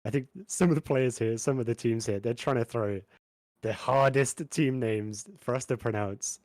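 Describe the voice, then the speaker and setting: A man's voice: mid-range voice, steady tone, moderate pace, darkish tone, no echo. A man co-casting a live esports stream in an easygoing, hesitant way. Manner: easygoing, hesitant, filler-heavy. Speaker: esports co-caster.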